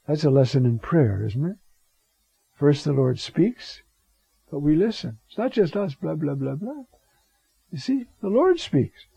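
A man's voice: a little high, very animated, a little slow, vocal fry, dark tone, slightly rough, no echo. A man preaching on scripture, digressive, with rhetorical asides and Hebrew words. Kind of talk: scripture teaching sermon. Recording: dull lo-fi recording.

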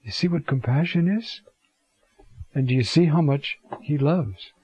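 A man teaching a Scripture talk in an unhurried, reflective way, pausing often as he looks up verses. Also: fairly high pitch, slightly rough, no echo, highs cut off. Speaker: Bible teacher.

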